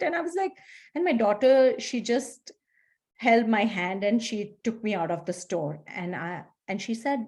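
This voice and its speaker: A middle-aged woman leads a workshop talk in a somewhat high voice. She speaks slowly and acts out scenes from her own stories as she tells them. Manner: animated storyteller, acts out scenes. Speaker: guest speaker.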